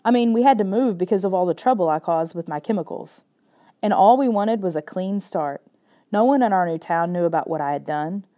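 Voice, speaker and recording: A woman narrating a children's story in the first person, in a steady, plain storytelling way. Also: on the low side. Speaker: audiobook reader.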